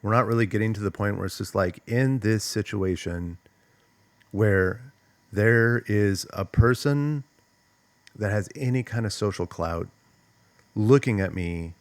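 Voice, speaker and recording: Emphatic deep-voiced man, dry close sound. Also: creaky, no room sound. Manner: emphatic, conversational, frequent "like" and "right?". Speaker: host, trauma coach. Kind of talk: solo talk to camera.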